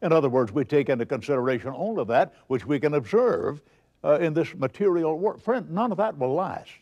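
A male preacher delivering a televised sermon, his fairly high voice rising and falling in wide, lively swoops. He speaks with emphatic conviction and reads scripture aloud. The sound is slightly dull and lo-fi. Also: fairly quick.

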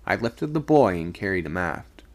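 A man reading a spooky story aloud on a live stream, raising his voice for the shouted lines. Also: low voice, very animated, moderate pace.

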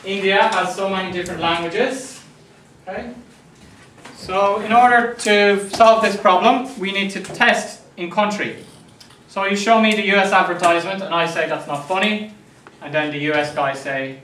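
A man's voice: sits high, normal speed, bright, forceful tone, slight background noise. A man with an Irish accent lecturing a class in a jokey way, often checking that students understand. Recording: echoey room, mic from far off.

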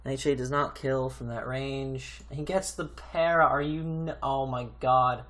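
A man's voice: medium pitch, steady tone, measured pace, fairly bright tone. Gamer guy muttering thru his match, swears nonstop, exasperated, plain mid voice. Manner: swears constantly, mutters to himself; exasperated, thinking aloud. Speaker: gaming YouTuber. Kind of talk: live gameplay commentary.

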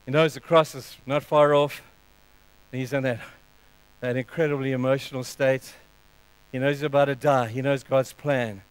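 Smooth-voiced preacher delivering a sermon. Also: male voice, medium pitch, no room sound, rough recording. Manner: earnest, animated storytelling. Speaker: pastor.

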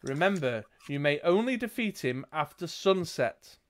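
A man's voice: a little high, animated, a little slow. A man narrating a gamebook as game master, with dry joking asides. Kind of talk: reading and narrating a gamebook playthrough.

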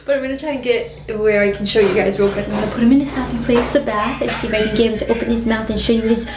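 A woman's voice: a little high, steady tone, fast. A woman chatting casually in a family vlog at home, bubbly and giggly, slipping into playful baby talk. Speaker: vlogger mom. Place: home bathroom by the bath. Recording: echoey room with background noise.

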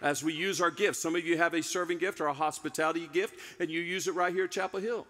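Pastor, man, preaching, bright and forceful, slightly high, long reverb of a church hall. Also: steady tone, fast talker. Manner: playful, self-teasing, repeats phrases. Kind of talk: sermon. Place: church sanctuary.

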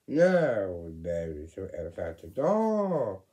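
A man reads a children's story aloud at an unhurried pace. His voice is mellow and dark, and his delivery is animated, with big leaps in pitch. He jumps from loud exclamations to hushed, whispered asides. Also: low-quality recording.

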